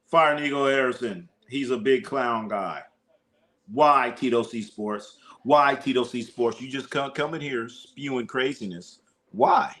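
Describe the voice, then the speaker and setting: Animated, profane man hosting a sports stream. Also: medium pitch, unhurried. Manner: animated, profane, mimics whiny crying voices. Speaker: sports livestream host. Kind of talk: casual sports talk.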